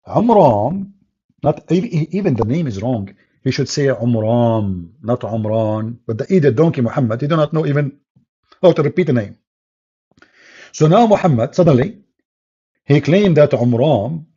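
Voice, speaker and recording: Scornful husky man with broken English. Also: medium pitch, mellow, lo-fi sound. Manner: scornful, emphatic, laughs and jeers often; non-native English with broken grammar. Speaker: religious debater. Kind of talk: mocking polemic commentary.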